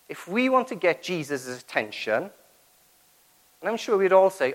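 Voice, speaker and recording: A man's voice: a little high, sing-song, normal speed, rough recording. A man preaching a sermon to his church, acting out quoted prayers and asking rhetorical questions.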